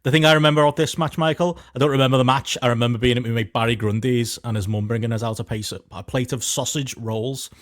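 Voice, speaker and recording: Man, thirties, podcast co-host, rapid rambling anecdotes. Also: mid-range voice, steady tone, dry recording, studio quality. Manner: rambling anecdotal, laughing asides. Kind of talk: casual podcast chat.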